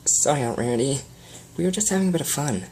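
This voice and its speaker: A woman's voice: rumbling low, expressive, fast talker, warm tone, a little hiss or hum. A woman reading a fan story and voicing a cheeky young filly prankster.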